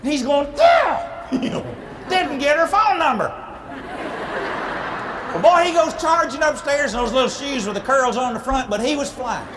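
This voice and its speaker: A man's voice: very high-pitched, a little fast, few pauses, big-room sound, over a noisy crowd, heavy background noise. A man telling a comic fairy tale in a folksy, playful way, adding vocal sound effects. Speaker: speaker at church ladies' night. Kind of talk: comic storytelling.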